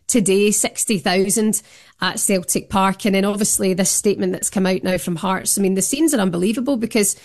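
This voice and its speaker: A woman's voice: mid-range voice, a little fast, a little mellow. A woman guest on a radio phone-in, talking with gushing enthusiasm. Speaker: guest fan. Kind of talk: phone-in chat.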